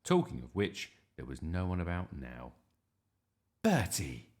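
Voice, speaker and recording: A man reading a children's story aloud in an expressive, animated way. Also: low-pitched, normal speed.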